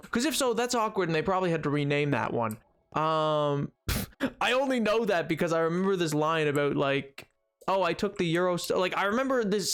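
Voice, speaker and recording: A man's voice: fairly high pitch, a bit bright, clean tone. A man streaming a game, chatting casually with a rambling, playful, self-mocking way of talking. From United States. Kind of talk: casual livestream chat while gaming.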